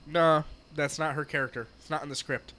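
A man's voice: fairly high pitch, fairly even intonation, fairly quick, a crowd in the background. A man co-hosting a podcast, rambling and joking in casual chat, laughing often. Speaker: podcast co-host.

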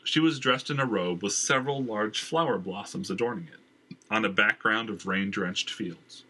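A man's voice: on the low side, normal speed, bright, forceful tone, slightly rough. A man narrating a fantasy novel aloud in a casual read, dropping in filler ums. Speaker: audiobook reader. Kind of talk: fiction narration.

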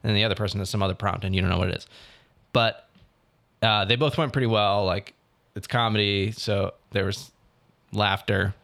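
A man's voice: fairly low pitch, fairly even intonation, normal speed, creaky, long pauses, fairly bright tone. A young man in casual chat, animatedly telling an audition story and quoting others. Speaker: actor telling about auditions.

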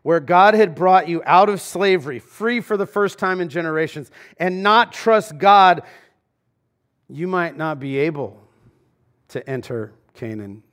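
A male pastor preaching a sermon in a church, talking to the congregation conversationally, swinging between loud emphasis and quiet asides. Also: a little high, a little slow. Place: church sanctuary.

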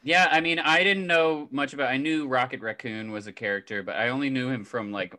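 A man co-hosting a movie podcast in casual, animated chat, laughing often and slipping into silly voices. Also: mid-range voice, brisk. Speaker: podcast co-host.

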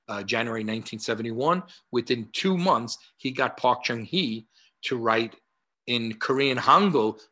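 A man in his sixties with a New York accent, speaking as a guest over a video call. His voice is bright and forceful. He tells stories with animation, acting out each side of a conversation between frequent "uh" fillers. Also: medium pitch. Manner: animated, acts out dialogue, many "uh" fillers. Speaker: guest, martial arts historian. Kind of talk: conversational storytelling.

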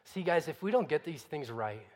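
A man's voice: fairly high pitch, sing-song, normal speed, long reverb tail. A man preaching a sermon in a conversational way, full of rhetorical questions. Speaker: pastor.

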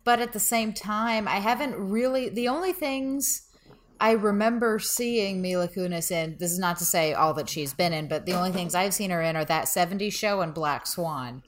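A woman's voice: medium pitch, normal speed. Hesitant woman reviewing a film. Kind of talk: casual film review chat.

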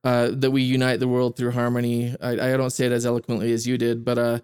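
A man's voice: medium pitch, completely flat delivery, a little mellow, smooth. A man hosting a podcast who talks casually, often hesitating and restarting with fillers. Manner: hesitant, halting, with many fillers. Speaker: podcast host.

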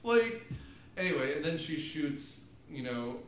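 A man co-hosting a casual movie podcast from his room, talking in a rambling, jokey, animated way with lots of asides. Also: on the high side, measured pace, echoey room. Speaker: podcast co-host. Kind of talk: casual movie recap chat. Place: home room with DVD shelf.

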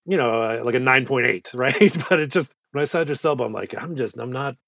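A man co-hosting a podcast, riffing on a film in animated, jokey chat with a bit of swearing. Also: medium pitch, fast, creaky, no echo, clean studio sound. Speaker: podcast co-host. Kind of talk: casual movie-review chat.

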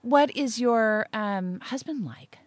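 A woman's voice: a little high, slow pace, no room sound. A middle-aged woman interviewing someone in a chatty, encouraging way, with frequent short affirmations. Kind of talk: casual interview.

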